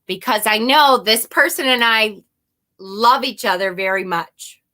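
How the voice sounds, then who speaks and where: A woman's voice: a little high, measured pace, sharp tone. A woman talking casually and candidly to her viewers, rambling a little, swearing and laughing at herself, and reading viewer comments aloud. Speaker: spiritual vlogger. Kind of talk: casual confessional talk to viewers.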